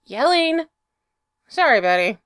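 Woman doing a worked-up young dad, loud and squeaky when he gets indignant, voice bouncing all over, dry close sound. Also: very animated, slow, clear, resonant tone, no room sound, full character voice. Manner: loud, indignant, voice jumping upward. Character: excitable adult man, a young father.

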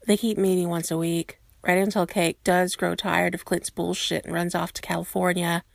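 Low gravelly woman reading a story. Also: flat delivery, normal speed, no room sound, studio quality. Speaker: narrator. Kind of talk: reading fan fiction aloud.

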